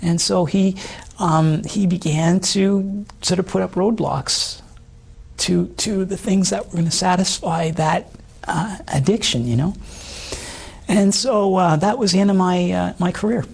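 Hoarse, gravelly middle-aged man. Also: high-pitched. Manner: earnest, halting, many fillers. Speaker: guest. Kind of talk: testimony interview.

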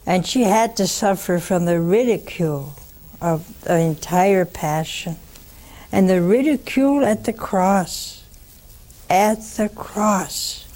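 A woman's voice: lowish voice, animated, dark tone. An older woman hosting a religious call-in show, blunt and fervent, answering callers. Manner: slow, blunt and fervent, calls callers honey.

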